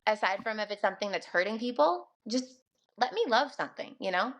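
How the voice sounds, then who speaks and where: A woman's voice: mid-range voice, expressive, fairly quick. A young woman, a radio host, talking casually and earnestly on a podcast. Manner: chatty, earnest, laughs often.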